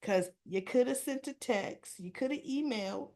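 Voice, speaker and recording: A woman's voice: on the high side, normal speed, a little mellow, pitched above the performer's own voice, natural voice. A woman voicing a stern, wronged wife who cuts down a rival with blunt scorn. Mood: scornful.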